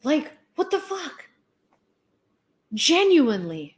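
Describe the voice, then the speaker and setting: A woman's voice: high voice, big pitch swings, slow. A young woman, ranting on her vlog in an exasperated, sarcastic way, swearing and firing off rhetorical questions. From Ukraine. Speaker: vlogger. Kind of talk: heated commentary rant.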